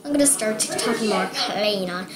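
A young woman vlogging about a game, excitable and rambling, often dropping to a whisper. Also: mid-range voice, moderate pace, a crowd in the background. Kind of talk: casual gaming vlog. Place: home room. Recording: echoey room with background noise. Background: TV sports broadcast playing.

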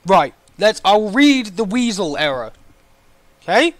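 A man's voice: high voice, big pitch swings, measured pace, no room sound. A man streaming a game and ranting with heavy swearing and exasperated outbursts. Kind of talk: live game stream rant.

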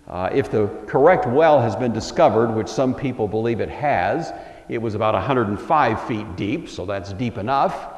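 A man's voice: lowish voice, expressive, moderate pace. A man giving a Bible lecture in a conversational, thoughtful way, with frequent "uh" fillers, in a lecture hall. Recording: roomy hall with long echo.

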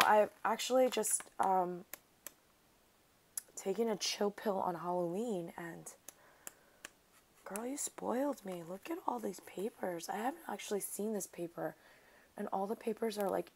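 A woman talks through a craft unboxing at her desk, excited and effusive, full of thank-yous. Her voice has a gravelly fry to it, and she speaks at an unhurried, drawn-out pace. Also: mid-range voice, a little hiss or hum, low-quality recording. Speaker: craft vlogger. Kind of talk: casual unboxing chat.

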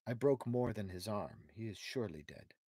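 A man voicing a calm, reasoning warrior hero. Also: on the low side, husky, no room sound. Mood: steady. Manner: measured and reasoning.

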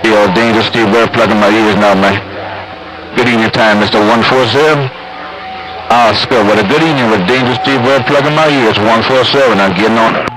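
A man's voice: on the low side, a little fast. A man from Florida chatting playfully over CB radio, joshing with other operators by call sign. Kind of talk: casual radio chat. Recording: static-filled radio transmission. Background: radio static.

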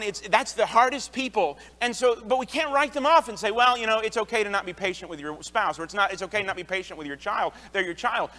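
An associate pastor in his thirties earnestly preaches a sermon to his congregation in a church sanctuary, sharing stories from his own life. His voice is high for a man, bright and forceful, and he talks fast with few pauses, stumbling and restarting along the way. Long reverb from the church hall trails behind him.

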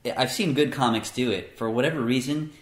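A man's voice: mid-range voice, brisk. A man, a comedian guest in a casual chat, talking in a laid-back way with wry asides. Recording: echoey room.

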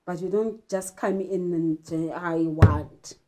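A woman's voice: fairly low pitch, steady tone, measured pace, dark tone, slight background noise. A woman teacher from South Africa giving an English literature lesson, emphatic and asking rhetorical questions. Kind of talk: classroom lesson.

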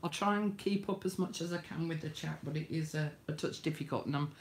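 A woman's voice: sits low, brisk, slight background noise. Chatty woman hosting a craft stream. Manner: chatty, homely, talks to viewers by name. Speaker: craft tutorial host. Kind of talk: live craft demonstration.

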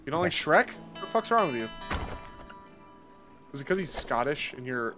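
Expressive higher-voiced man, swearing and joking. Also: normal speed, music in the background. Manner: joking, swears freely, mock-indignant. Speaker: streamer guest. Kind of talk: casual gaming chat with friends.

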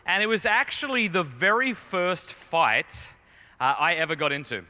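A man's voice: a little high, big pitch swings, moderate pace, sharp tone. A man telling a humorous, self-deprecating story as a speaker to a youth audience in a large conference hall. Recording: long hall reverb.

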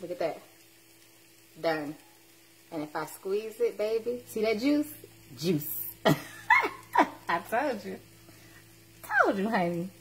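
Dishes and cutlery clatter in the background as a woman cooks live at home, chatting to her viewers and teasing them. Her medium-pitched voice has lively intonation, and she takes things slowly with long pauses amid background noise.

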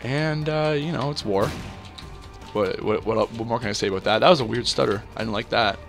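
A man's voice: medium pitch, brisk, gravelly, a bit bright, soft background music. A young man from Canada rambling through casual gameplay commentary, full of fillers and self-deprecating asides. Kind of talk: casual let's-play commentary.

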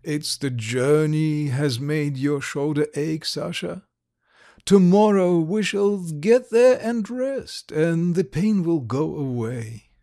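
A man reading a big bearded father who speaks softly and pleads with his sick daughter. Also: on the high side, lively intonation, slow, no echo, studio quality. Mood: pleading. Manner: soft, pleading, apologetic.

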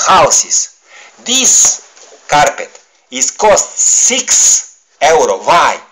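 A middle-aged man from Serbia with a Serbian accent, ranting to camera in halting, broken English, heated and pleading. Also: on the high side, fairly bright tone, rough recording. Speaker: vlogger. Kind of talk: emotional rant to camera.

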